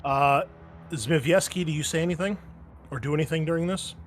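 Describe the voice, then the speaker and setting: A man with a slightly raised voice runs a tabletop game as game master. He talks casually and swears freely. His asides to the players come quick and loose. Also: on the high side, a little hiss or hum.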